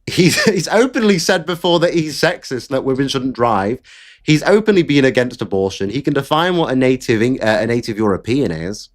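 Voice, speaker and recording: A man's voice: medium pitch, big pitch swings, a little fast. A man giving blunt, exasperated solo political commentary, with the odd swear word. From Britain.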